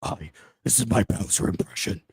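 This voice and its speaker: A man putting on a deep, gravelly, mocking male parody voice with a slow, exaggerated drawl. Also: a little mellow, no echo, studio quality, exaggerated voice. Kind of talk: comic voice impressions on a podcast.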